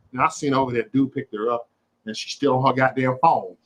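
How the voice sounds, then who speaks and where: A man hosting a casual livestream, telling a story in an animated, profane way and acting out the quotes. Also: mid-range voice, fairly quick, low-quality recording. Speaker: host.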